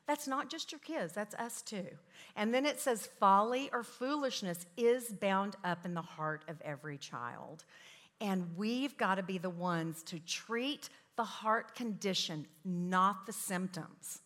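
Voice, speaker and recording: A woman's voice: mid-range voice, a bit bright. A woman in her fifties giving a Christian parenting talk to parents, chatty and storytelling with self-mocking asides. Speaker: parenting class teacher speaking to parents. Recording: echoey hall with long reverb.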